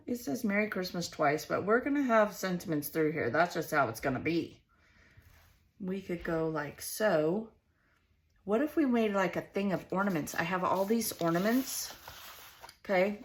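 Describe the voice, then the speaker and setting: A woman's voice: fairly low pitch, animated, moderate pace. A woman with a Southern US accent hosting a casual scrapbooking vlog, thinking aloud in a chatty, self-questioning way as she arranges stickers. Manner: chatty, musing to herself while arranging stickers. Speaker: scrapbooking host.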